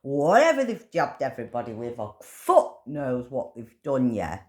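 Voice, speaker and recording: A woman ranting to camera, swearing heavily and rambling as she grows loud and heated. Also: rumbling low, huge pitch swings, normal speed. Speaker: vlogger. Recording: echoey room.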